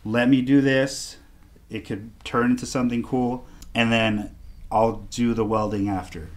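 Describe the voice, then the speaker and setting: An artist appears as a podcast guest and unhurriedly tells a casual story in a medium-pitched voice. Animated throughout, he acts out the quoted dialogue of the others involved.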